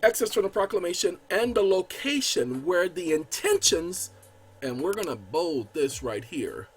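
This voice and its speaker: A man's voice: high-pitched, big pitch swings, measured pace, husky. A man hosting his own channel, casually explaining a legal document to viewers as he edits it on screen. He talks emphatically, calls his audience y'all, reads legal text aloud with stress on key words, and often stammers and restarts. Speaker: channel host.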